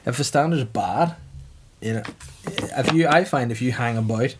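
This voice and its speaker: A man, a guest comedian chatting on a podcast in an animated, sweary way. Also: mid-range voice, normal speed, background noise. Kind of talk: casual comedic banter.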